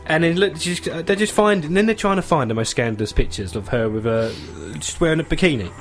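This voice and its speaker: A British man co-hosting a comedy radio show, reading out celebrity gossip and mocking it in a casual, animated way. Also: quick pace. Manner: animated, mocking, jumps into high put-on outbursts. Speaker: co-host. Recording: radio studio with faint music.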